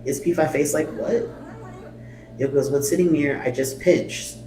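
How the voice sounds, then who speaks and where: Over soft background music, a man on the high side speaks at a moderate pace in a mellow voice, hosting a reaction video. He bluntly comments and reads subtitles aloud, swearing in exasperation, on an echoey, distant-mic recording with faint noise.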